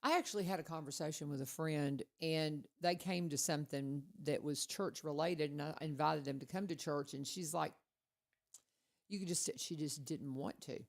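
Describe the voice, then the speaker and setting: A woman co-hosting a radio talk show, chatty and animated as she tells stories. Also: low-pitched, normal speed, creaky. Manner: chatty and animated, laughs easily. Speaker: radio co-host. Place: radio studio.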